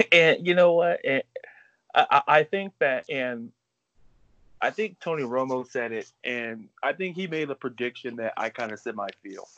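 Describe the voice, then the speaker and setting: A man hosting a sports talk show, emphatic and quick with statistics. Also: mid-range voice, pushed and bright, no echo, highs cut off. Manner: emphatic, rapid-fire stats.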